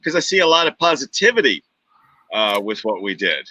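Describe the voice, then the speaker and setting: A New York man in his forties, joining as a guest with a very bright, forceful voice and a wry, laughing humor. The sound is dry and a little dull, like lo-fi call audio. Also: mid-range voice, big pitch swings, fairly quick, no echo. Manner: laughing, wry and self-deprecating. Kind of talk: casual chat.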